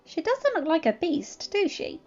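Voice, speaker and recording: A woman voicing a chatty young baker with folksy, rough grammar. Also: extremely high pitch, sing-song, measured pace, a little mellow, voice pushed up, full character voice. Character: plain-spoken baker boy, chatty. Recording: dull lo-fi with faint music.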